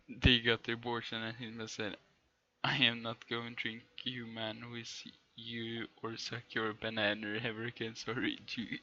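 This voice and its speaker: A man streaming, reading fan fiction aloud in a deadpan way and often breaking into laughter. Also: lowish voice, muffled recording.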